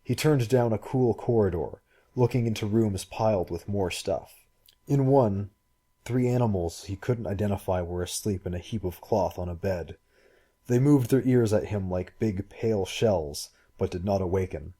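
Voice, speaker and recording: Low, husky male narrator. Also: moderate pace, mellow. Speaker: audiobook reader. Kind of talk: scripted narration.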